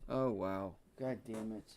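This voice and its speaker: A man's voice: slow, creaky, slight background noise. Frustrated swearing man trading live. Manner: frustrated, swearing heavily, shouting outbursts; muttering to himself, low and deflated. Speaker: day trading livestreamer. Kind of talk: live trading stream commentary.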